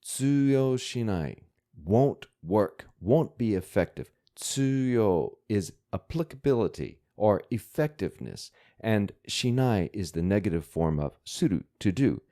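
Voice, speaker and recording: A man's voice: lowish voice, big pitch swings, a little slow, mellow. A man teaching language, patiently breaking down words and grammar in a methodical way. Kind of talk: explaining vocabulary.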